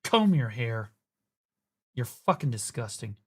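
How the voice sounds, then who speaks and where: A man's voice: mid-range voice, very animated, takes it slowly, husky. A man streaming a game, commentating casually while mocking another player with profanity and laughter.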